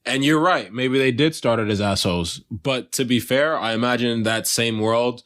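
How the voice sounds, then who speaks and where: A man's voice: mid-range voice, moderate pace, fairly bright tone. A young man co-hosting a casual podcast chat, rambling and restarting his sentences, swearing freely. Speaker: podcast co-host.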